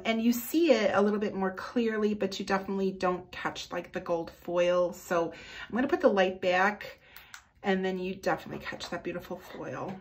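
A woman chatting casually through a planner unboxing at her desk, gushing over each piece. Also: medium pitch. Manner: gushing, effusive, slow and lingering on praise. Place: indoors at a desk.

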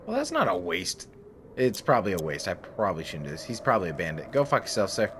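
A man's voice: sits low, wildly swooping pitch, quick pace, a bit bright, a little hiss or hum. A man giving casual, joking gameplay commentary, swearing freely and laughing at himself. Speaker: let's play gamer. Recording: game music playing under the voice.

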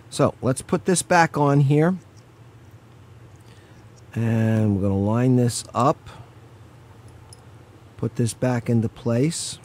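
A man's voice: medium pitch, a little mellow. A man giving a casual hands-on product review, explaining each step in a chatty way and stopping now and then to apologize for slips.

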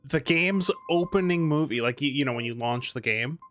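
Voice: mid-range voice, normal speed, fairly bright tone, soft background music. A co-host of a game stream, chatting casually, asking questions and laughing often. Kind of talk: casual chat over gameplay.

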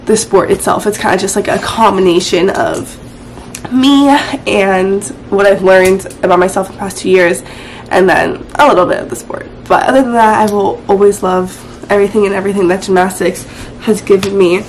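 A teenage girl vlogging in a casual, chatty way, full of "um" and "like", her voice hoarse and rough. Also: mid-range voice, fairly even intonation, normal speed, a little hiss or hum. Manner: chatty, many fillers like "um" and "like". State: hoarse, voice partly gone. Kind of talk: casual vlog chat.

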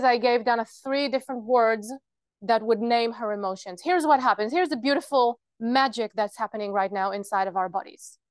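A woman presenting a workshop in a fairly high voice, explaining things earnestly and stopping to check that her listeners follow. Her sound is close and dry, with almost no room in it. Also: no room sound. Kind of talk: practical workshop talk.

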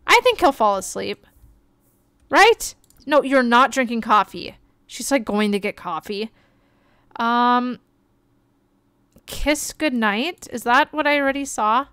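A young woman streaming a life-simulation game, chatting excitedly and gushing over the characters as she plays. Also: a little high, slow pace, pauses often, clean tone, dry recording. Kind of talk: life-sim gameplay commentary.

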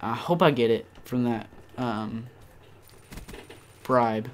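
A man giving casual commentary over his own multiplayer gameplay, rambling with many fillers and breaking into excited bursts. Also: medium pitch, slow. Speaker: gaming channel host.

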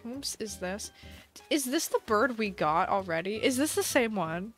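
A woman's voice: mid-range voice, expressive, a little slow, a bit bright, faint music behind. A woman live-streaming a game, casually reading viewer questions aloud, playful and giggly with bursts of mock outrage.

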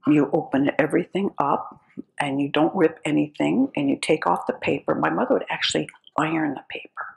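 An older American woman with a low, gravelly voice lectures a little fast, telling wry, humorous anecdotes in a storytelling style and chuckling at her own tales. The recording is rough.

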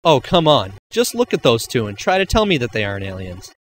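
A man's voice: mid-range voice, very animated, a little hiss or hum, natural voice. A teen boy playing a hot-headed superhero leader. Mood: scoffing. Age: late teens. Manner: bossy, quick to anger. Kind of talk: amateur comedy sketch.

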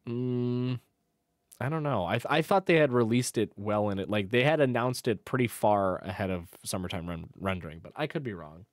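A man's voice: on the low side, expressive, normal speed, dry recording, studio quality. A man co-hosting a casual chat podcast, amused and laughing often as he reads titles aloud. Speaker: podcast co-host.

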